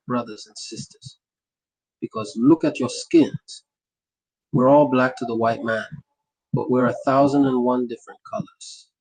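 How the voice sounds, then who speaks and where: Husky-voiced guy reading a memoir like he's preaching, fiery repeated lines, dry close sound. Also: medium pitch, darkish tone, no echo, poor audio. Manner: impassioned, rhythmic oratory with repeated phrases. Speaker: narrator. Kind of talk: first-person memoir narration with preached speeches.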